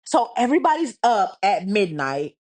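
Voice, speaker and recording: A woman's voice: medium pitch, sing-song, moderate pace, a little mellow. A young woman from Texas hosting a casual solo podcast, swearing freely and ranting with heated sarcasm. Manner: profane, heated and sarcastic, mocking others in put-on voices. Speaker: podcast host.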